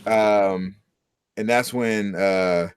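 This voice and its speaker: A man's voice: fairly low pitch, steady tone, drawn-out words. A man retelling a horror movie plot in loose, casual chat, acting out lines of dialogue as he goes. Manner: loose storytelling, acts out quotes. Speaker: podcast co-host.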